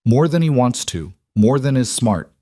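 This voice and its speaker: A man's voice: mid-range voice, animated, moderate pace, warm tone, dry recording, studio quality, voice pushed up, natural voice. A man voicing a determined young mother, a former field medic, who speaks tense and urgent.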